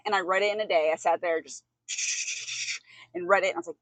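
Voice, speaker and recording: A woman's voice: sits low, fairly even intonation, a little fast, pauses often, no room sound. A woman livestreaming from an outdoor hot tub, chatting casually with her audience and giggling often. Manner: chatty and giggly, reacting to chat. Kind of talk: casual chat with a live audience.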